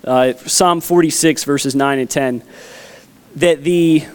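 Guy in his 30s preaching, easygoing folksy pastor, voice sits a bit high. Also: slow, clean tone. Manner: folksy, storytelling with family anecdotes. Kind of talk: conversational sermon.

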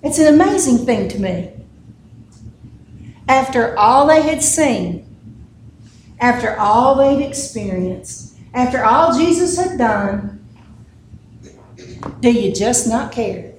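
Woman preacher, high voice, unhurried conversational sermon, echoey room. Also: lively intonation. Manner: conversational storytelling with humorous asides. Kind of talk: casual sermon. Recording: echoey room with faint noise.

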